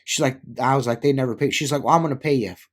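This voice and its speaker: A man's voice: mid-range voice, racing. A middle-aged window cleaner chatting casually, rambling with lots of fillers and acting out the lines of people in his story. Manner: rambling, filler-heavy, acts out quoted dialogue.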